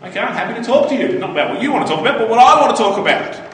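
High-voiced preacher in an echoey hall. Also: male voice, sing-song, racing, a bit bright, recorded from a distance. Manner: earnest, anecdotal, quotes others in brief voices. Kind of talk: sermon.

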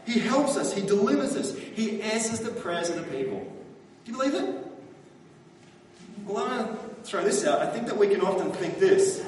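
A man's voice: sits high, sing-song, moderate pace, pauses often, slight background noise. A man preaching a sermon as pastor, talking in a conversational way and often asking the congregation questions. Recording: echoey hall from far off.

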